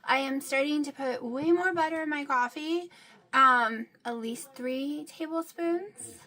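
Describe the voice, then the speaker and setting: A woman's voice: high-pitched, a little slow, bright, forceful tone. A middle-aged woman chatting casually to camera at home, rambling with many fillers. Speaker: vlogger. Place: home room with TV on.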